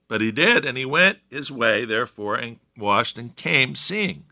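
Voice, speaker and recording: A man's voice: mid-range voice, expressive, moderate pace, few pauses, pushed and bright. A man preaching a sermon in a conversational way, with joking asides to his listeners. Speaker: pastor.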